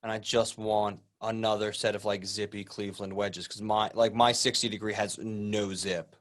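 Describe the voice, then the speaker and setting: A man's voice: fairly low pitch, level tone, moderate pace, a bit bright. A man hosting a golf podcast in casual chat, easygoing and rambling, often repeating words as he goes. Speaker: podcast host.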